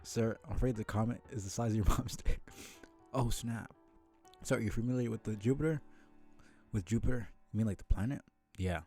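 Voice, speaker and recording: A man voicing a cocky teenage boy who rambles in a sardonic, laid-back way, in a low, mellow voice. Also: fairly quick, slightly rough, faint music behind.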